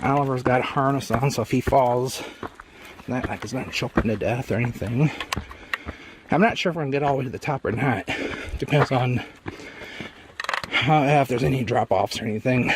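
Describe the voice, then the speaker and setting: Man, casual hiking vlog, rambling asides, mid-range voice, faint outdoor noise. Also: mid-range voice. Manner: rambling, self-deprecating asides. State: out of breath. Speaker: travel vlogger. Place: outdoors on a desert hiking trail.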